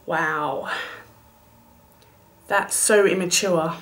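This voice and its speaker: A woman in her late twenties telling a comic story in a vlog, animated and playful, with dramatic whispered asides. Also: on the low side, drawn-out words. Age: late 20s. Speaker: vlogger.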